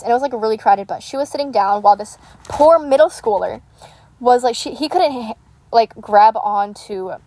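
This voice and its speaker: A woman's voice: a little high, warm tone. A teenage girl chatting casually and rambling animatedly while she plays a game. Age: teens. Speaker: gaming YouTuber. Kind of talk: casual chat while gaming.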